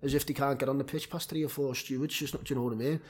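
A husky, slightly breathy man with a Liverpool accent recounts his football days in casual talk. He is blunt and swears freely, stumbling through fillers and restarts as he goes. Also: medium pitch, steady tone, racing, a little mellow. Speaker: former semi-pro footballer guest. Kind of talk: casual podcast chat.

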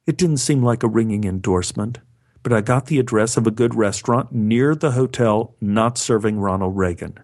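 A man's voice: lowish voice, normal speed, a little mellow. A man narrating a personal story with a wry, dry humor. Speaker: storyteller, actor.

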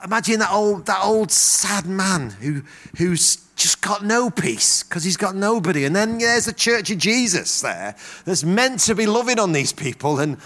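A middle-aged preacher, speaking in a voice a little higher than most men's. He tells stories in a sermon and acts out the quoted lines of the people in them. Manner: animated storytelling with acted-out quotes.

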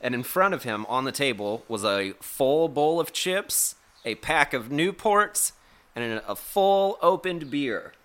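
A man's voice: a little high, unhurried. A man telling a rambling, profane story in casual podcast chat, acting out the people in it. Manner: profane, animated, acts out quotes.

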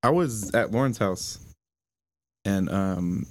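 Young man telling a story, halting. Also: on the low side. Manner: halting, many fillers, swears. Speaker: podcast guest. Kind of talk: casual storytelling chat.

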